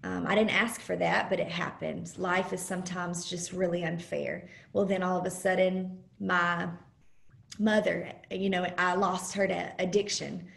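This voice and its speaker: A woman giving an earnest, halting personal testimony as a guest speaker over a video call, pausing often with fillers. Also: lowish voice, level tone, gravelly. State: close to tears at times. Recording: roomy video call audio.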